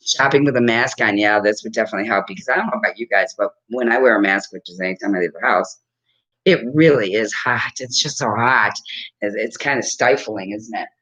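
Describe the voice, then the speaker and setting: A woman's voice: rumbling low, brisk, a bit bright, slightly rough. A woman in her fifties chatting casually to camera at home, rambling and laughing often as she talks. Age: 50s. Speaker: vlogger. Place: at home with a dog. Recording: dull lo-fi recording.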